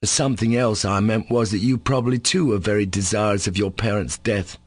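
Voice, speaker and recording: A man's voice: lowish voice, fairly even intonation, no echo, close to an everyday voice. A man doing an insolent sickly servant. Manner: slow, controlled, sarcastic and defiant. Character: sickly insolent male servant, sly and resentful. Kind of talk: audiobook character reading.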